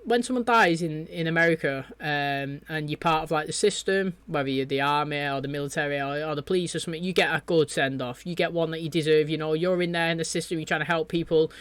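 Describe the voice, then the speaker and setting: A chatty man talking through a TV episode, his thoughts spilling out in loose, excitable runs with plenty of "you know". His voice sits a little high for a man. The sound is close and dry, with no room around it. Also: fast talker, hardly any pauses, clear, resonant tone, dry recording. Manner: rambling and excitable, lots of fillers and "you know". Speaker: reaction video host. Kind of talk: casual chat reacting to a TV episode.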